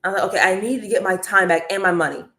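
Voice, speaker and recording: An energetic woman talks straight to her live-stream viewers, chatty and upbeat as she teaches. Her voice sits in a middle pitch. The sound bounces around an echoey room. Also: very fast. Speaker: online business coach.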